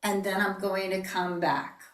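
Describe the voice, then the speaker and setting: Slow, calm woman teaching from afar. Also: mid-range voice. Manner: slow, calm, breathy cues. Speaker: yoga and tai chi instructor. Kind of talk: guided movement instruction. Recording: roomy, distant online-class audio.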